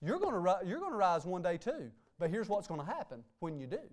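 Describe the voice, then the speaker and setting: A man's voice: high-pitched, sing-song, quick pace. A man preaching a sermon as pastor, emphatic and repeating "hey" and "okay" between phrases. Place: church sanctuary.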